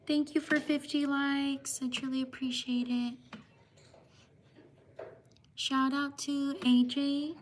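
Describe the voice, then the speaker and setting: A woman hosting a livestream, reading out viewers' names slowly and apologizing when she might have mispronounced them. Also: sits high, level tone, slight background noise. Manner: slow, apologetic, drawn-out shout-outs. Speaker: livestream host. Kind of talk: livestream shout-outs.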